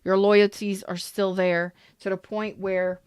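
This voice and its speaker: A woman's voice: medium pitch, little pitch movement, a little slow, a little mellow, clean tone, no room sound, clean studio sound. A woman doing a casual tarot reading, talking straight to her viewers with emphatic repetition. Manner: emphatic, repeats herself, talks straight to viewers. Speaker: tarot reader.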